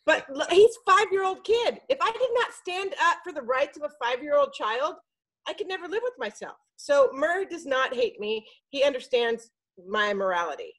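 A middle-aged woman telling a story in casual chat, animated and swearing freely. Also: high voice, moderate pace, rough recording. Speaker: podcast guest. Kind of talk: casual storytelling on a group video call.

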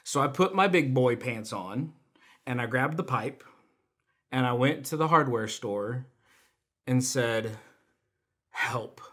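A man's voice: mid-range voice, unhurried, pauses often, a bit bright. A young adult man giving a personal testimony in a church online service, telling stories with self-deprecating humor. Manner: self-deprecating storytelling with laughs. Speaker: church volunteer speaker.

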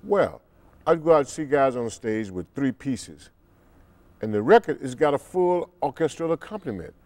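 An older man, a musician guest in an interview, telling stories in an unhurried way and acting out the quotes. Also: expressive, a little mellow, dry recording. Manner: deep, unhurried storyteller who acts out quotes. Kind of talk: relaxed storytelling interview.

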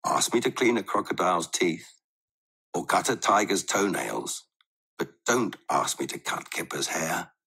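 A man's voice: low voice, animated, unhurried, vocal fry, bright, forceful tone, slightly rough, full character voice. A man voicing a mother in a storybook, exasperated and theatrical. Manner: exclaiming, theatrical.

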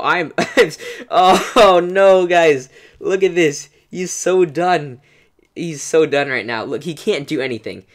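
Young man, gaming commentary, excitable, chatty, lots of ums, talks to the viewers. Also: mid-range voice. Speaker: gaming YouTuber. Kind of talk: live gameplay commentary.

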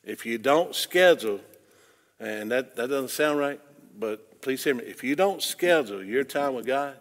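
A pastor leads a Bible study in a mid-pitched voice. He moves from easy, conversational talk to loud, emphatic preaching. A long church reverb trails behind every phrase. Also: expressive, measured pace. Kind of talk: informal Bible study teaching. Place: church room.

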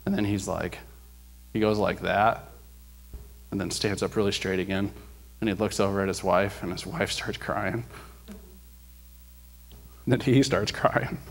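Male preacher, lowish voice, energetic storyteller who acts out quotes, rises loud when preaching. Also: a little slow, vocal fry, pauses often. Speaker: preacher sharing a testimony. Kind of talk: sermon storytelling. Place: church.

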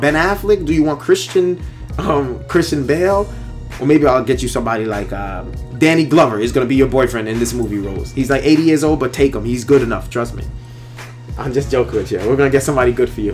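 A filmmaker chatting casually on a livestream, rambling and joking and reading viewer comments aloud, with many pauses and fillers. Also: male voice, mid-range voice, faint music behind. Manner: rambling, joking, teasing, lots of ums.

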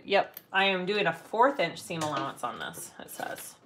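A woman's voice: lowish voice, animated, normal speed, noisy background. A middle-aged woman leading a live sewing tutorial. She explains steps as she works, chats casually and hums filler sounds while she sews. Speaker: sewing instructor and shop owner.

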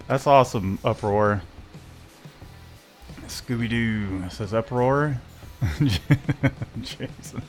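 A man's voice: lowish voice, extremely slow, pauses often, faint music behind. Joking man hosting a livestream chat. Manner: joking, greets viewers by name. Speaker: livestream co-host.

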